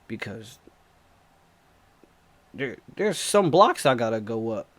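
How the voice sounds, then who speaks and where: Man, casual vlogger storyteller; slangy, breathless, repetitive, mid-pitched. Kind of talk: animated personal storytelling.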